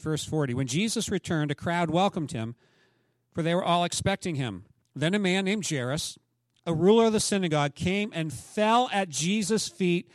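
A man preaches a sermon, slipping into the voices of the people in his story. His voice sits a little high for a man, and he swings between loud, urgent pleading and hushed lines that drop almost to a whisper. The sound is dry and close, with no room around it. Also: dry recording. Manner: dramatic, acts out voices of the story. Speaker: pastor.

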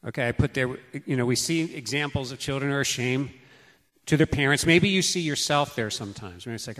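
Man in his fifties, preaching on parenting, anecdotal and animated, in a reverberant hall. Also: medium pitch, brisk. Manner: storytelling, acts out calls to his children loudly. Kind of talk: sermon on parenting.

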